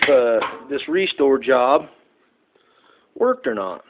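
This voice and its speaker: A man chats in a rambling, folksy way as he restores an old lantern, throwing in "folks" and a lot of "uh"s. The sound is thin and tinny, the way a phone records, with a faint hiss underneath. His voice sits in a middling pitch for a man. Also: expressive, slow, long pauses. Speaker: home repair vlogger. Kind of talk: casual talk while restoring a lantern.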